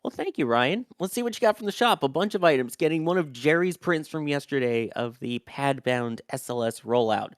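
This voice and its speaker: A man's voice: medium pitch, expressive, fairly quick, hardly any pauses, no room sound, studio quality. A man hosting a live rocket launch stream, chatting casually, reading out viewer messages and thanking the crew.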